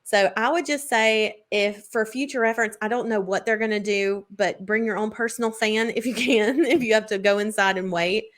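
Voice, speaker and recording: A woman, telling a story in casual podcast chat, full of "like" and quick laughs. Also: medium pitch, fairly even intonation. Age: 20s. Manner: chatty storyteller, lots of "like" and laughs. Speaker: podcast co-host.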